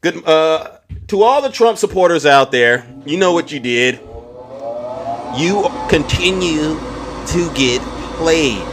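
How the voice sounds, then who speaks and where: A man hosting a political commentary vlog in a mocking, animated way, talking straight to his viewers. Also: a little high, noisy background. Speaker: host.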